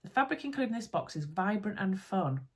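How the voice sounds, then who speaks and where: A woman with a Yorkshire accent, chatting casually to camera in her home sewing room while unboxing supplies, bubbly and easily excited. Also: medium pitch, brisk, husky. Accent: Yorkshire English. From Yorkshire, England. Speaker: sewing vlogger.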